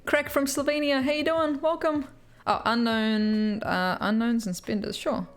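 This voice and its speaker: A woman's voice: a little high, steady tone, measured pace, faint music behind. A young Australian woman chatting on a live stream, answering viewer comments and laughing often. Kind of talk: casual live-stream chat. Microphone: headphones with mic.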